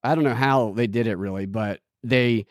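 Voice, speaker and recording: A man's voice: medium pitch, moderate pace, no room sound, studio quality. A man hosting a podcast, chatting in a loose, sarcastic, joking way. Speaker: podcast host. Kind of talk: casual chat.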